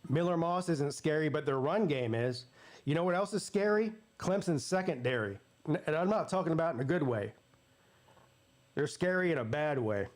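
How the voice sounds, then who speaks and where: A man's voice: a little high, expressive, normal speed. A man hosting a live sports watch party, telling a story in a casual way, swearing freely and acting out the voices he quotes.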